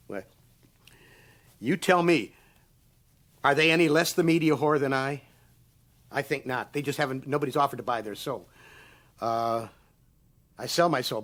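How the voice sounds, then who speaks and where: A man's voice: medium pitch, moderate pace, long pauses, fairly bright tone. A man in his seventies, interviewed for a documentary, ranting with angry sarcasm and profanity and acting out the people he quotes. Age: 70s. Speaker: interviewee, writer.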